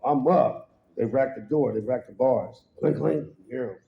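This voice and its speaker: A man's voice: normal speed, gravelly. A man giving a humorous storytelling testimony at a church service, acting out voices and laughing along with his own punchlines. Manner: animated, acts out quoted voices with sudden high pitch jumps. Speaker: guest speaker at a worship service. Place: church hall. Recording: roomy, slightly dull hall sound.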